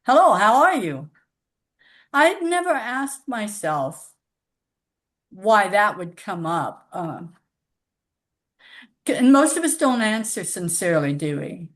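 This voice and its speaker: A woman's voice: mid-range voice, slow pace, pauses often. A woman hosting a spiritual discussion group, talking casually and acting out little everyday exchanges to make her points. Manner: animated, acts out little dialogues when making a point.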